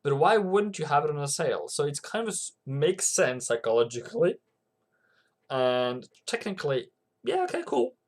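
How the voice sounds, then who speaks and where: A man's voice: a little high, very animated, moderate pace. A man hosting a livestream who gives rambling, casual commentary on currency markets and reads out viewer comments as he goes. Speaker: forex trading channel host.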